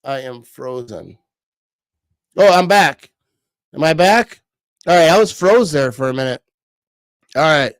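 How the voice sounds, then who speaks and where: A man's voice: on the high side, lively intonation, a little slow, pauses often, dry recording, poor audio. A man in his thirties hosting a casual live stream, rambling and laughing often as he reads comments. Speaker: livestream host reading comments.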